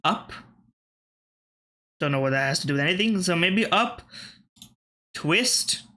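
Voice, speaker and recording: A man hosts a gaming channel, muttering his way through word puzzles in casual let's-play commentary. His voice sits a little high for a man and rings bright and sharp, with offhand swearing and half-finished thoughts. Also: animated, measured pace.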